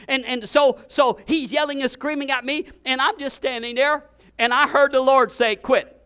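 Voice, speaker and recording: Man, pastor, storytelling sermon, very high pitch, fervent, restarts his words. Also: steady tone, moderate pace, pushed and bright, smooth.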